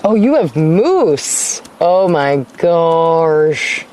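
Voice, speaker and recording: A woman's voice: sits low, big pitch swings, drawn-out words, warm tone, slight background noise, rough recording. Tired, rambling woman livestreaming. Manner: rambling, chatty, self-interrupting. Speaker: livestream host. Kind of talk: casual livestream chat. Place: in and around her car outdoors. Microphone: clip-on mic, sometimes far from it.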